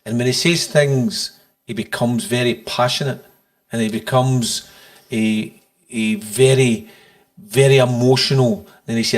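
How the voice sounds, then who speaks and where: A man's voice: mid-range voice, steady tone. A Scottish man hosting a podcast, chatting casually with many fillers. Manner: halting, many fillers, recounts quotes. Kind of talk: casual chat.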